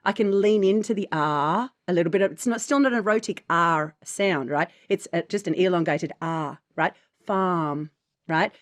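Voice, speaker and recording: A woman's voice: mid-range voice, a bit bright, no echo. Chatty Australian woman, very dry sound. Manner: chatty, often ends with "right?". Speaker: podcast co-host, voice actor. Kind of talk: casual chat.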